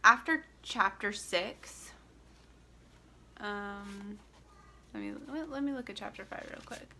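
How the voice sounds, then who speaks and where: A woman's voice: medium pitch, takes it slowly, bright, forceful tone, a little hiss or hum. A young woman from Central Florida chatting casually to her camera, rambling with lots of fillers and restarts. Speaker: vlogger. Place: home in Florida.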